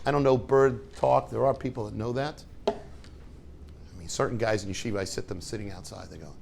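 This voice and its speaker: A man's voice: lowish voice, brisk, vocal fry, a little hiss or hum. A man, a rabbi giving an informal, joking lesson to his students and tossing questions at the class.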